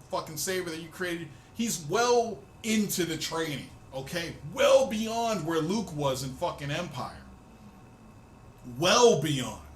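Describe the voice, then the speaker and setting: A man hosting a profane, excitable fan rant, loud and swearing freely. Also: high voice, roomy sound, a little hiss or hum. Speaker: host of a rant video.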